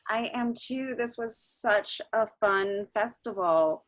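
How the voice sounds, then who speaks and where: A woman's voice: on the high side, slow. Enthusiastic woman hosting a festival. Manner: enthusiastic, thanking viewers. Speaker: festival host. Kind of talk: casual chat.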